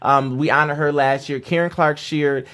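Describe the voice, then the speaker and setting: A man's voice: a little high, fairly even intonation, normal speed, a bit bright. A young man hosting a radio interview, eager and hyping things up, with many fillers. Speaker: radio show host.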